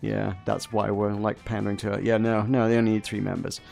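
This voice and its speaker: A man's voice: fairly low pitch, little pitch movement, fairly quick, gravelly, a little mellow, faint music behind. A man chatting casually and laughing while playing a dating game with friends. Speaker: let's play gamer. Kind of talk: casual gaming chat.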